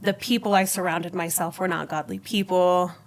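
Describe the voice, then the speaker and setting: A woman with a fairly low voice and moderate pace is a podcast guest, sharing her personal faith story in conversation. She's an animated storyteller who laughs often and acts out what she said back then.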